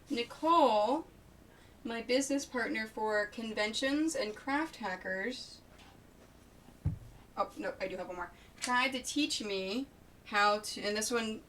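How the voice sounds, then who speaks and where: Woman streamer, chatty, greets viewers while she sews; bright, fairly high voice, distant mic. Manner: chatty, thinks aloud, greets viewers by name. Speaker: live-stream quilter and pattern designer. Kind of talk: casual live-stream chat while sewing. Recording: distant mic with faint noise.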